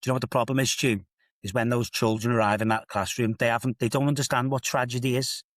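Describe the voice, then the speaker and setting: A man's voice: mid-range voice, steady tone, quick pace, a bit bright, dry recording, clean studio sound. A man in his fifties with a Liverpool accent, an assistant head teacher telling stories with emphatic, rhetorical asides in a podcast discussion. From England.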